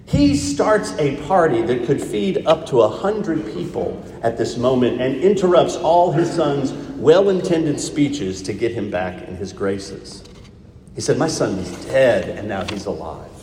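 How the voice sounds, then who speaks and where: Preacher in an echoing hall. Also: male voice, medium pitch, expressive, a little slow, darkish tone, slight background noise. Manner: expository preaching with rhetorical questions. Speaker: pastor. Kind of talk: sermon. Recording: echoey hall, speaker far from mic.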